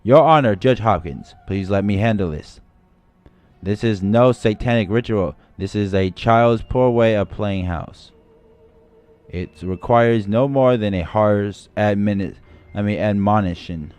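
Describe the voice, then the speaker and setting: Brief: man voicing an earnest pleading advocate, low voice, unhurried delivery, for a game story read aloud. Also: darkish tone, smooth, faint music behind, close to an everyday voice.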